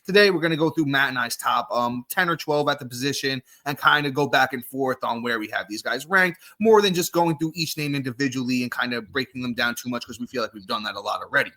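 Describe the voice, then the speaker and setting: Pumped-up guy hosting a podcast, talks fast, bright punchy voice. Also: mid-range voice. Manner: energetic, hyped, ad-read delivery. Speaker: podcast host. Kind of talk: upbeat podcast intro and chat.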